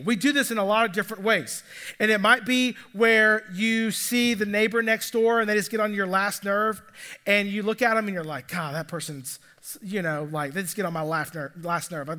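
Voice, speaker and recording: Bright high-voiced pastor preaching. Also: male voice. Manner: conversational, confessional, asks the congregation questions. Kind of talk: sermon. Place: church sanctuary.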